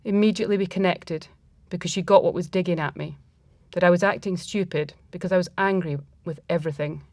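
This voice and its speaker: A woman reading a first-person story aloud in a reflective, measured manner. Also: on the low side, fairly even intonation, a little mellow, no room sound.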